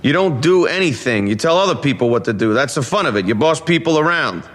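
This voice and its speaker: A man's voice: animated, quick pace, a bit bright. An actor playing an impatient man near forty who answers a child curtly and dryly, in a film clip. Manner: dry, curt, bossy. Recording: film clip with faint rumble.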